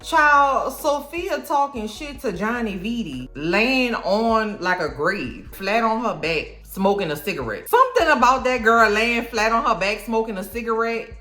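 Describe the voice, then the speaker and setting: A woman with a bright, ringing voice recaps a TV episode in a loose, joking way, full of slang and sass. Her pitch swings widely from line to line, and faint music plays softly behind her. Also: normal speed, few pauses. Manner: sassy, animated, joking, slangy. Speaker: video host. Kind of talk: casual TV recap reaction.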